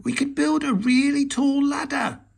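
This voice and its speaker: Storybook hedgehog, squeaky and huffy, high pitch with a gravelly edge, from a man. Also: fairly even intonation, unhurried, exaggerated voice. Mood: thoughtful. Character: small squeaky male hedgehog, fussy.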